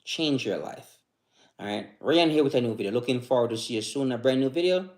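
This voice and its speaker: A man with a medium-pitched voice talks loosely to his live-stream audience about staying calm. His speech rambles and circles back, with stumbles and repeated words. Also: fairly quick. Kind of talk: casual motivational talk.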